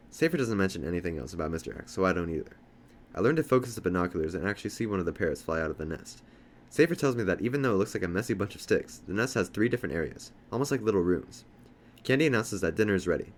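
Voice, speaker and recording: Guy reading a kids novel out loud, deep low voice, plain and steady. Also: slight background noise. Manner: plain first-person storytelling. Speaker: audiobook reader.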